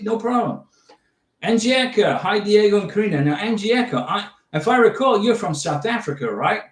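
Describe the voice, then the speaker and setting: A man hosting a casual livestream Q&A, talking chattily, repeating himself and giving emphatic step-by-step instructions. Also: high voice. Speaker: livestream host answering viewer questions. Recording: roomy echo, distant from the mic.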